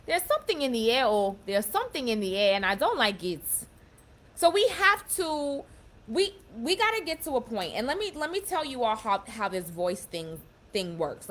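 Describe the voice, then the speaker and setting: A young woman giving a casual motivational talk, emphatic and warm, often repeating and restarting her phrases as she explains. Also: a little high, very animated, moderate pace. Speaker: self-empowerment speaker.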